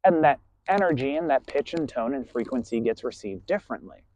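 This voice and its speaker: A man's voice: mid-range voice, sing-song, fairly quick, a little mellow. A man lecturing a class in a blunt, preachy way, swearing freely and tagging points with "right?". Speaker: class instructor. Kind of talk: lecturing monologue.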